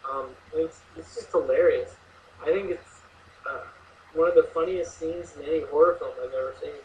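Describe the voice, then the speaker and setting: Excitable young man on a distant mic. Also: a little high, normal speed. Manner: excited, laughing, lots of fillers. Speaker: co-host reviewing horror films. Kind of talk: casual chat. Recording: distant mic, muffled, faint hiss.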